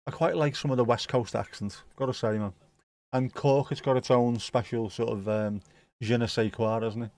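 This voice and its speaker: A man's voice: medium pitch, fairly even intonation, normal speed, darkish tone, dry recording. A man hosting a football watch-along stream, chatting casually and joking as he reads viewer comments.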